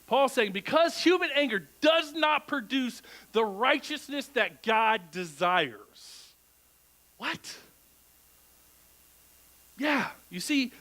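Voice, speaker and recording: Pastor guy preaching in church, high voice that swoops all over, keeps asking "right?". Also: rough recording. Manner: animated, asks the crowd rhetorical questions. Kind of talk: conversational sermon.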